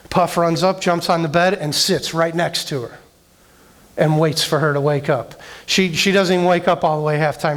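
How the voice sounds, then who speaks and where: A middle-aged man preaches in a loose, conversational way, telling a personal story full of fillers and restarts. His voice sits a little higher than most men's. He speaks as a church youth director. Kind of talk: sermon storytelling.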